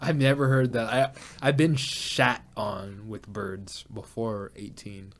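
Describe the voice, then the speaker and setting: A man's voice: on the low side, flat delivery, takes it slowly. A young man co-hosting a casual podcast, joking, swearing a lot and now and then putting on voices. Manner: joking, swears often, bursts into loud put-on voices. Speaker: podcast co-host. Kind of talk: casual chat.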